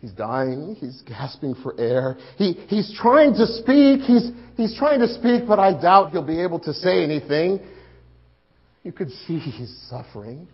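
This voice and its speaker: A man acting a grieving male disciple at the crucifixion, in a dramatic monologue, halting and repeating his words, on a dull lo-fi recording. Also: on the high side, sing-song, husky, exaggerated voice.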